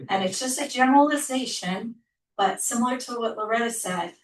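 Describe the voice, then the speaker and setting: A woman's voice: on the high side, brisk. Plain-spoken woman agent, reflective, echoey and distant. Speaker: agent at a team meeting. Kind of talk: sharing in a group meeting. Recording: echoey room, mic far off, faint noise.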